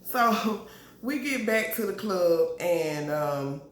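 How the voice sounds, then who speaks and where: Animated woman recapping a TV episode. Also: lowish voice, takes it slowly. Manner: animated storytelling, acts out characters' lines with slang. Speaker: TV show recap vlogger. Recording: echoey room, faint background noise.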